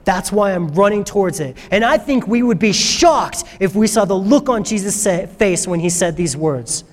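A man's voice: high voice, lively intonation, moderate pace. A man preaching a sermon as pastor, fervent and emphatic, often repeating his phrases for effect. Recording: long reverb of a large hall.

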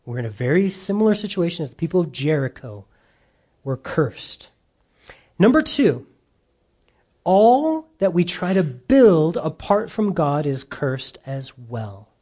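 Slow, emphatic preaching man. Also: fairly high pitch. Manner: earnest, emphatic, with lively rises and drawn-out slow phrases. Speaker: pastor. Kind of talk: sermon.

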